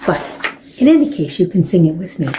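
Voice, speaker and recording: A woman hosting a library storytime for children, talking gently and inviting the kids to join in. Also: lowish voice, very animated, fairly quick, background noise.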